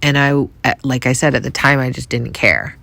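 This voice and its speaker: A woman from Canada hosting a podcast, telling a personal story in a soft, reflective way with many hesitations. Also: a bass voice, moderate pace, vocal fry, no echo. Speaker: podcast host.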